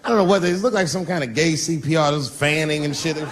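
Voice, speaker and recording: Brief: a male stand-up comedian with a fairly high voice, animated and crude delivery. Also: quick pace, very noisy. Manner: animated, profane storytelling.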